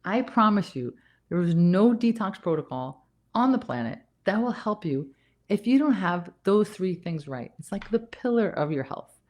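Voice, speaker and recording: A woman's voice: mid-range voice, very animated, moderate pace, darkish tone. A woman nurse practitioner giving a casual health talk, emphatic and repeating key points, a little out of breath. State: slightly out of breath.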